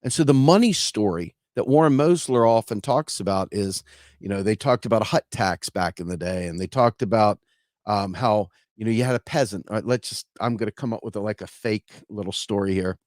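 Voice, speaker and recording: A man hosting a casual explainer talk, telling stories in an animated, conversational way. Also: lowish voice, brisk, dry recording, clean studio sound. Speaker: host.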